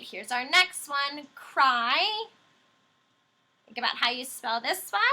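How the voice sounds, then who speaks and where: Bright, slow-spoken woman teaching phonics. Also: fairly high pitch. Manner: slow, patient, encouraging, stretches out words and letters. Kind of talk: phonics lesson for young children.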